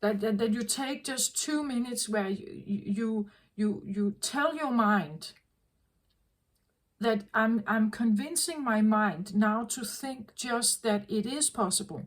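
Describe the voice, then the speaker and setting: A woman tarot reader talking in a slow, earnest, reflective way, often repeating herself as she works through a thought. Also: fairly high pitch, rough recording. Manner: slow, repetitive, earnest, self-correcting. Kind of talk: reflective spoken reading.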